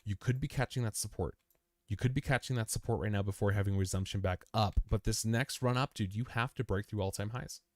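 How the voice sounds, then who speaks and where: Low-leaning and brisk, a young man hosts a crypto chart livestream, chatting casually over price charts. There's no room sound and the studio recording is clean. He repeats phrases, addresses the chart as "you," and peppers his talk with "man," "dude," and "bro."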